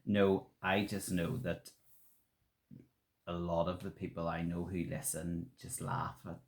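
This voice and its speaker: A young man co-hosting a chatty podcast, self-mocking and quick to laugh. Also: deep voice, level tone, creaky, a little mellow. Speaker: podcast co-host. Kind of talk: casual chat.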